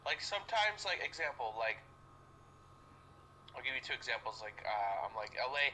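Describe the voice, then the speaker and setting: A young man with a very bright, cutting voice tells a story in casual chat. He rambles and swears freely, pads his talk with fillers, and a faint noise sits underneath. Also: medium pitch, very animated, normal speed, poor audio. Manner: rambling, profane, many fillers. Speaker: friend on a call with the streamer.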